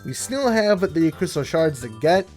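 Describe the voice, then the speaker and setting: A man's voice: on the high side, sing-song, normal speed, a little mellow, soft background music. A young man giving casual, rambling commentary while playing a video game, often correcting himself mid-sentence. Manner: rambling, self-correcting, chatty. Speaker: gameplay commentator. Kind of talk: casual let's-play commentary.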